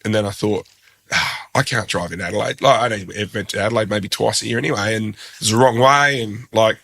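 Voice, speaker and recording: A man with an Australian accent, a guest telling a story in a casual, animated and self-deprecating way, acting out the quotes. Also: fairly low pitch, quick pace, gravelly.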